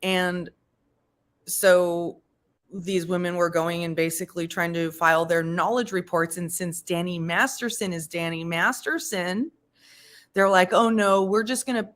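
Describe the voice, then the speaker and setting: A woman's voice: lowish voice, fairly bright tone. A woman hosting a live stream, giving casual commentary, rambling and often restarting as she searches for words.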